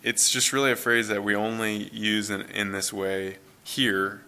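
A man in his thirties, a pastor, reading scripture and then preaching in a relaxed, conversational way in a church. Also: on the low side, a little slow, clear, resonant tone. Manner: conversational, relaxed, self-correcting.

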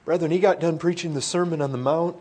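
Man, middle-aged, preaching, husky voice, pitched a bit high, earnest, swings between loud and hushed. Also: fairly even intonation, fast. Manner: earnest, swells loud then drops hushed. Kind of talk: sermon.

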